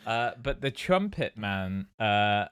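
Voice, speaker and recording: A man hosting a casual podcast chat, halting with lots of "uh" and often laughing. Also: on the low side, very animated, a bit bright. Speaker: podcast host.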